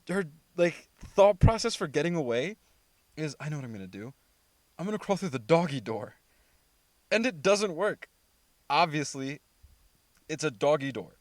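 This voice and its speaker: Casual male podcast host, chatty and rambling, mid pitch, dry close recording. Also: no room sound. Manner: chatty, rambling, many fillers and self-corrections; mimics characters with animated pitch jumps. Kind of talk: casual movie review monologue.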